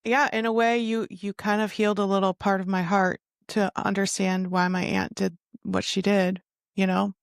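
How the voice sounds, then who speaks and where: Gravelly-voiced woman hosting an interview. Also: mid-range voice, little pitch movement, normal speed, no room sound, studio quality. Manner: soft, emotional, reflective. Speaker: podcast host. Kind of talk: conversational interview.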